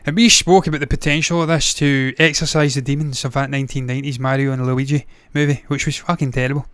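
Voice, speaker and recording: A man's voice: medium pitch, little pitch movement, fast, fairly bright tone, smooth, no echo, clean studio sound. A man hosting a movie news show, talking casually with blunt, profane opinions and frequent tangents. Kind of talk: casual solo commentary.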